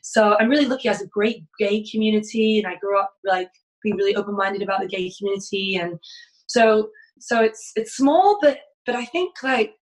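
A woman's voice: mid-range voice, brisk, poor audio. A woman from England, chatting as a podcast guest and laughing often. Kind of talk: casual podcast chat.

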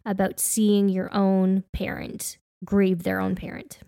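A woman speaks in a level, flat-toned voice with a lot of vocal fry. She tells personal stories earnestly, like a co-host in casual conversation. The sound is dry and close to the mic. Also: mid-range voice, takes it slowly, dry recording.

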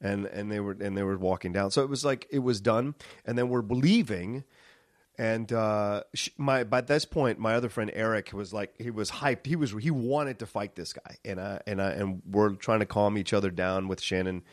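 A man's voice: fairly low pitch, normal speed, no room sound, clean studio sound. Man telling a heated podcast story. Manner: animated storyteller, swears freely, acts out quotes loudly. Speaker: podcast host.

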